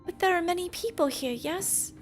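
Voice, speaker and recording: A woman's voice: very high-pitched, lively intonation, moderate pace, faint music behind, pitched above the performer's own voice. A woman voicing a young boy in a fan voiceover of a game, searching for his lost father. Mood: earnest.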